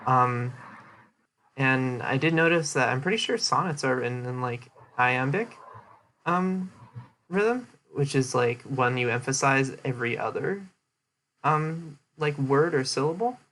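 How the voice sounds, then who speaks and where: A man's voice: mid-range voice, lively intonation, unhurried, a bit bright, slight background noise. A young man casually explaining a presentation he gave, rambling with lots of fillers and restarts. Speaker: streamer giving a presentation recap. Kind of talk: casual chat.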